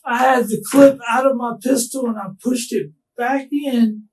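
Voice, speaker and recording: A distraught, tearful man being interrogated, talking haltingly and restarting his sentences. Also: very high voice, steady tone, darkish tone, distant mic, low-quality recording. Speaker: murder suspect under interrogation. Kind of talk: police interrogation.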